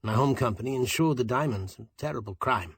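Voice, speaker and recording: Grim, composed insurance man, husky voice, male narrator. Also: mid-range voice, fairly quick, no echo.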